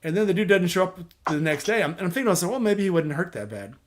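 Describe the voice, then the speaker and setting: A man's voice: high-pitched, very animated, racing. A man hosting a casual chat with friends, telling a long rambling anecdote full of quoted dialogue and restarts. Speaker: host.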